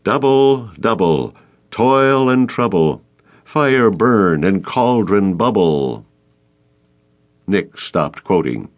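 A man narrating an audiobook of a short story with expressive storytelling. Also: rumbling low. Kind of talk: scripted narration.

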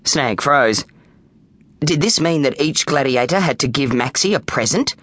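A man with an Australian accent reads a children's story in a lively, playful way. His voice swings widely in pitch, and the studio recording is close and dry. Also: measured pace, no echo. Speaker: audiobook narrator.

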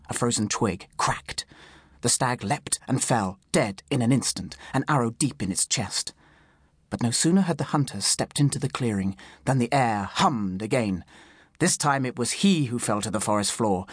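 A man narrating an audiobook in clear, measured storytelling. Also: fairly low pitch, dry recording, studio quality. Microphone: studio microphone.

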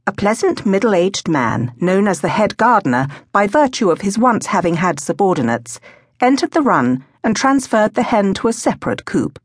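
A woman reading a novel aloud as an audiobook narrator, in a measured way. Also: medium pitch, sing-song, husky, no room sound, clean studio sound. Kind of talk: scripted narration.

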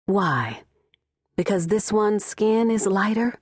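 A woman narrator voicing a tired, guarded young mother for an audiobook, speaking softly. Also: mid-range voice, lively intonation, slow, breathy edge, no echo, studio quality, voice pushed up. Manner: weary and soft. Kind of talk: audiobook character voice.

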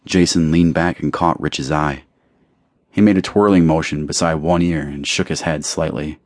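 A man with a very low voice reading an audiobook in measured, even narration. The recording is dry and close, with no room sound. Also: no room sound. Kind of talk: scripted narration.

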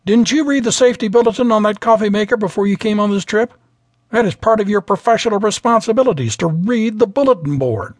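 Man playing a stern deadpan airline captain. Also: high voice, normal speed, breathy edge, no echo, clean studio sound. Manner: calm, stern, lecturing.

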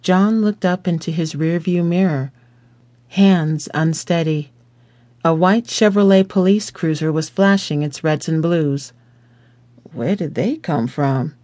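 Slow, measured male audiobook narrator. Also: fairly high pitch, darkish tone, no echo. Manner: slow, measured, deliberate reading.

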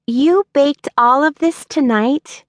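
A woman narrator voicing a brash, teasing young woman friend in a much higher, playful voice. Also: slow, no room sound, clean studio sound. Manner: playful, mocking.

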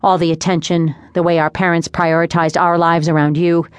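A woman reading the part of an earnest young man, an older brother, in a sincere, gently teasing way. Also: fairly low pitch, level tone, normal speed, clean tone, dry recording, natural voice. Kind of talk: audiobook character voice. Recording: dry close studio sound.

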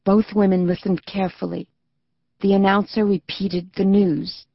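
A woman narrating a children's audiobook in a gentle, even storytelling manner. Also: medium pitch, normal speed, creaky, no echo, muffled recording. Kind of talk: scripted narration.

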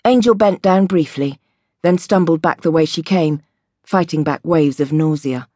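A woman reading an audiobook in a measured, vivid storytelling voice. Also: on the low side, dark tone, dry recording, studio quality. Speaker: audiobook narrator. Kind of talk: scripted audiobook narration.

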